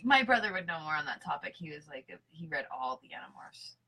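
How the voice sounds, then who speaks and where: A woman's voice: deep voice, very animated, brisk, vocal fry, sharp tone, low-quality recording. A woman co-hosting a casual chat, giggly and chiming in with offhand remarks. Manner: giggly, chimes in, offhand swearing. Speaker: podcast co-host.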